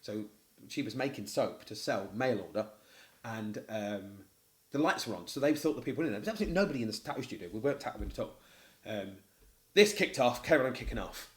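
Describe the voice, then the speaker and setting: A man with a Mancunian accent, a tattoo studio owner, telling a story in casual podcast chat, blunt and animated, swearing freely. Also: on the low side, fast talker. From Manchester, England.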